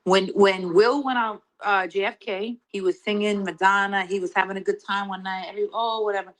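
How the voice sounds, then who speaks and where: A woman's voice: mid-range voice, fairly even intonation, fairly quick, poor audio. A woman defending herself in a heated livestream conversation, rambling with many restarts. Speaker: guest in a livestream argument.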